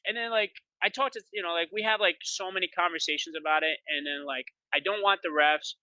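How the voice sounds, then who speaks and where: Fast, excited man telling stories. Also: high voice, dry recording, poor audio. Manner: rapid, excited storytelling with many "like"s; boastful, trash-talking attitude. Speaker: pro paintball player, guest. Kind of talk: animated interview chat.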